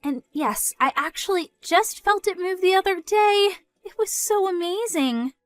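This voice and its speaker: A woman voicing a sweet, gentle pregnant young woman who speaks softly and a little hesitantly in a dramatized story. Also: very high voice, expressive, measured pace, dry recording, voice pushed up.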